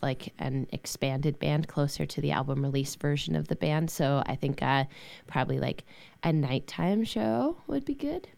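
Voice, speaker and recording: Low-voiced woman musician, chatty. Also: vocal fry, dry recording. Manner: relaxed, rambling, hedging with 'like' and 'um'. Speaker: musician guest. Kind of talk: casual podcast chat.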